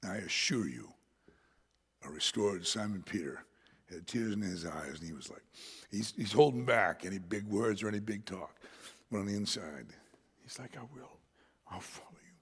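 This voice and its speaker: A male pastor preaching a sermon, swinging from shouts to whispers and laughing often. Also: on the low side, normal speed, slightly rough, long reverb tail. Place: church sanctuary.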